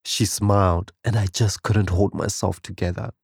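A man's voice: on the low side, steady tone, normal speed, darkish tone, slightly rough, no echo, clean studio sound. A man giving an emotional spoken testimony, telling the story earnestly to his listeners.

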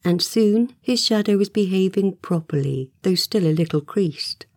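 A woman narrating a storybook aloud in a gentle, expressive way, sometimes dropping to a soft whisper. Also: mid-range voice, normal speed, no echo, studio quality. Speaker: audiobook narrator.

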